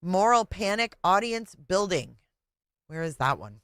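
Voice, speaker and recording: A woman's voice: on the low side, sing-song, a little slow, fairly bright tone, clear, resonant tone, no echo, clean studio sound. A woman hosting a livestream who reacts with short, sarcastic comments. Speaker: channel host.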